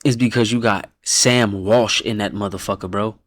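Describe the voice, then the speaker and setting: A man hosting a live reaction stream, loud and blunt, who swears freely and often laughs. When he reads out names his voice drops to a low mumble, and then he bursts out with his verdict again. His voice sounds close and dry, with no room echo at all. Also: steady tone, moderate pace. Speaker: host reacting to viewers' fan-picked football teams.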